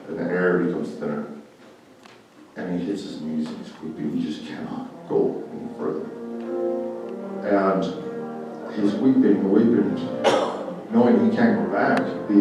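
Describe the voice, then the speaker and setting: A man's voice: low-pitched, recorded from a distance. Guest storyteller, male, folksy and dramatic; echoey church hall, music in the background. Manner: folksy, dramatic, repeats words for effect. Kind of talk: oral storytelling talk.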